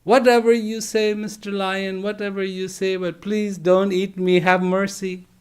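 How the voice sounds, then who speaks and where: A man voicing a frightened young lion cub who begs for mercy in a slightly higher voice. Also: flat delivery, unhurried, clear, resonant tone. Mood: pleading. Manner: begging, repeats "please".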